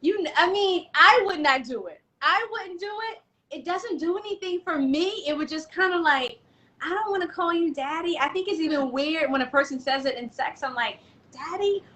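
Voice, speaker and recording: A woman guest on a talk show, outspoken and animated, sharing her opinions. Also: sits high, low-quality recording. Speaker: guest, doula and self-love specialist. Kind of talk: casual chat.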